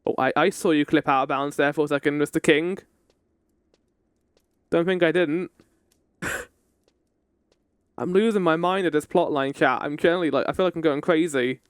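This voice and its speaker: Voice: mid-range voice, normal speed, long pauses, smooth, no echo, studio quality. A streamer giving casual live-stream commentary while playing a game, with playful, bewildered, jokey asides to chat.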